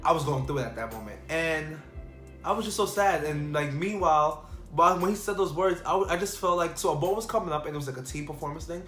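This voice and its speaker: A man's voice: on the high side, fast talker, fairly bright tone, soft background music. A man vlogger telling a personal story in a casual, rambling way full of fillers. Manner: rambling, filler-heavy, restarts. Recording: echoey room.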